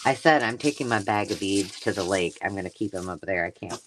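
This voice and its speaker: A woman's voice: a bass voice, a little fast, noisy background. A woman hosting a live craft stream, chatting casually and gushing over mail she unboxes. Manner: gushing and effusive, chatty asides. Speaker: craft channel host.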